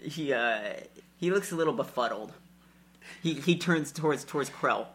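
A man narrating as game master, relaxed and hesitant with fillers. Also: fairly high pitch, normal speed, husky.

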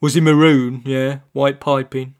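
A man's voice: medium pitch, level tone, unhurried, natural voice. A man voicing a pair of shifty, evasive talking underpants claiming to be a Viking ghost, forever saying yeah. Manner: evasive, blustering, says yeah a lot.

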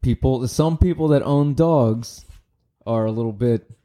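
A man's voice: medium pitch, unhurried, dark tone. A man co-hosting a casual comedic chat, hesitant, repeating words and laughing often. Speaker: podcast co-host.

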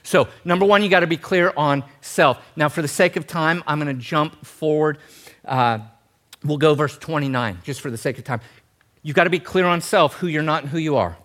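A middle-aged male pastor preaching a sermon in an animated, humorous way, swinging between loud emphasis and soft tender passages. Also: fairly high pitch, normal speed.

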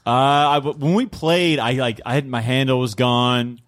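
A man's voice: medium pitch, fairly even intonation, normal speed, no echo. Rambling man with a dry, close sound. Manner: rambling, repeats and restarts, says dude a lot. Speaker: comedian guest. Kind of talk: casual podcast chat.

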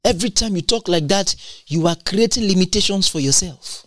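In full sermon mode, a preacher hammers each point through repetition, his middle-range pitch jumping widely from low to high. He speaks fairly quickly and emphatically, and the sound is dry and close with no room echo.

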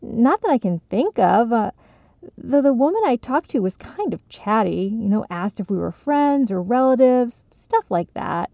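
A woman's voice: on the high side, big pitch swings, a little slow, vocal fry, no echo, voice pushed up, heavily acted. A woman voicing a chatty young woman who hesitates and apologizes, in a storybook reading. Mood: sheepish. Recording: slightly dull, dry recording.

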